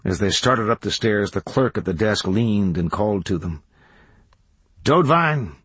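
A man narrates a scripted audiobook in a deep, husky voice with measured, even pacing. There's no room sound in the recording.

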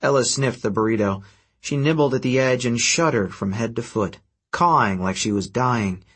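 Guy reading a story aloud, kinda husky, steady and even. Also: mid-range voice, moderate pace. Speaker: audiobook narrator. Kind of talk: scripted narration.

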